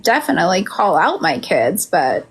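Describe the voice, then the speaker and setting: A woman and mother in a casual chat, telling animated stories and quoting her kids. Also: medium pitch, moderate pace, breathy edge.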